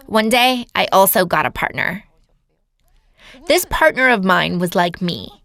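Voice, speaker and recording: A woman's voice: medium pitch, big pitch swings, normal speed, a bit bright, dry recording. A woman giving a lecture as an earnest personal testimony, telling her story to a seminar audience. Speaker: seminar speaker.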